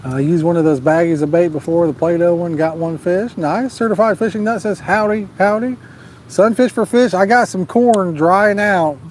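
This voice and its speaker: A man hosts a live fishing stream outdoors at night, reading viewer comments aloud with a folksy, joking manner. His voice sits a touch high for a man, with faint outdoor noise behind him. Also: moderate pace, few pauses. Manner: joking, laid-back, folksy. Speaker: fishing channel host.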